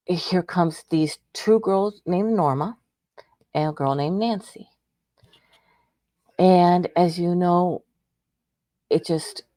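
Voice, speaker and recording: A woman's voice: on the low side, warm tone, no room sound, clean studio sound. A middle-aged woman from Texas telling a personal story in a rambling, emotional way, often restarting her sentences. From Texas, United States. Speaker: radio show host sharing a personal story.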